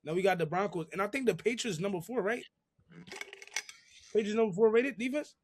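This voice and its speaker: A man's voice: high-pitched, brisk, long pauses, darkish tone, a little hiss or hum. A young man co-hosting a casual sports podcast, talking in slang and often repeating his phrases. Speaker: podcast co-host.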